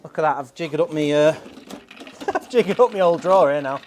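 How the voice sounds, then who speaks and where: A man's voice: on the high side, animated, a little fast, darkish tone, slight background noise. A man hosting a casual live stream, chatting in a rambling way and reading out viewer comments.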